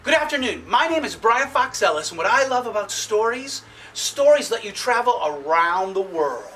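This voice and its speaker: A man telling fables to a young audience, playful and animated, with barking sound effects and questions to the listeners. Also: high voice, normal speed, far from the mic, a little hiss or hum. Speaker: storyteller. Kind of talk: live storytelling for children.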